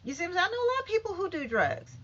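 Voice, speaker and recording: A woman's voice: very high voice, racing, lo-fi sound. A woman in her fifties ranting bluntly and profanely in a casual vlog. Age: 50s. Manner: blunt, profane, animated and emphatic. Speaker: vlogger. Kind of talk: casual rant to camera.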